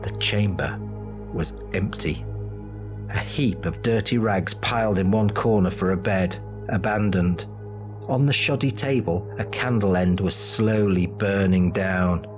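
A man giving dramatic, measured narration of a fantasy audiobook. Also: lowish voice.

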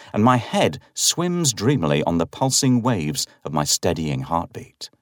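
A man giving a dramatic, expressive first-person narration of a horror story. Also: low-pitched, no room sound, clean studio sound.

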